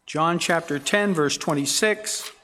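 A man's voice: a little high, unhurried, pushed and bright, in a large hall, slight background noise. A man preaching an expository sermon, reading scripture aloud and stressing key words earnestly. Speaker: pastor.

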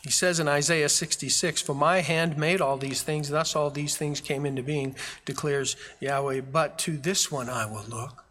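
A man's voice: fairly high pitch, fairly even intonation, normal speed, few pauses, a bit bright. A man preaching a sermon as pastor, with emphatic, repeated phrases. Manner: preaching with rising fervor, emphatic repetition. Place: church sanctuary. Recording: long reverb of a large hall.

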